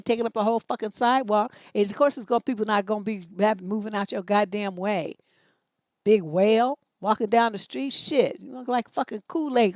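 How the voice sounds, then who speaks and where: A woman's voice: fairly high pitch, no room sound. Blunt, profane woman livestream host. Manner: blunt, profane, mocking, with heated outbursts. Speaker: advice show host. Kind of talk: livestream advice show, reading questions aloud.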